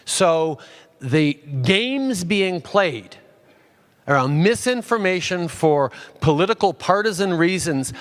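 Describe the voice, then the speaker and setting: A man's voice: high voice, animated. Man answering questions at a town hall. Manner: halting, many fillers and restarts.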